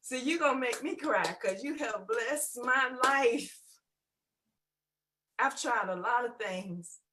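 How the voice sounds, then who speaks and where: A woman's voice: a little high, slow pace, bright, forceful tone, a little hiss or hum. A woman in her fifties giving an exuberant, exclaiming testimonial as a guest on a webinar, with a preacherly way of talking. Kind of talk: enthusiastic testimonial.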